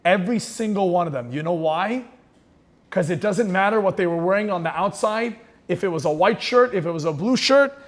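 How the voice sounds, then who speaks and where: Guy preaching a passionate sermon, tells stories, drops in hebrew words, voice sits kinda high. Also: expressive, fairly quick. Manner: impassioned storytelling, sprinkling in Hebrew terms. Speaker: rabbi. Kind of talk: inspirational sermon.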